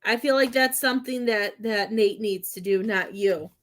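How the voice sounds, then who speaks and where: A woman doing a psychic reading from home, with halting, repetitive speech that gives gentle advice. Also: medium pitch. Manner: halting, repeats words, soothing advice. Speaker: psychic medium. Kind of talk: live-stream spirit reading.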